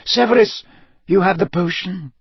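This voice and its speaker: An elderly, wise wizard headmaster speaks quietly and gently, as a man reads him, his pitch a touch above the narrator's. He asks his questions in a measured, soft way. The audiobook-style recording is dry and dull. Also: breathy edge, dry recording. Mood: calm.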